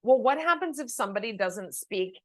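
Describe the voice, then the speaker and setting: A woman's voice: fairly high pitch, lively intonation, brisk, no room sound. A woman co-hosting a casual chat, patiently explaining spirit communication with leading questions. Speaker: medium, co-host.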